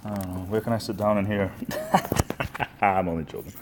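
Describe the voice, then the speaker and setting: Rambling low-voiced man on a noisy livestream. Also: steady tone, very fast, a little mellow. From US East Coast. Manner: chatty, rambling, reads and answers chat. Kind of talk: casual livestream chat while working. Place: large building at work, walking around.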